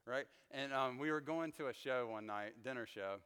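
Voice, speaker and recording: A man leads a casual Bible study in a church hall, chatting through his stories with lots of little fillers. His voice is smooth and clear. A long reverb trails behind his words. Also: medium pitch, quick pace, few pauses. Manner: chatty, animated storyteller with frequent fillers.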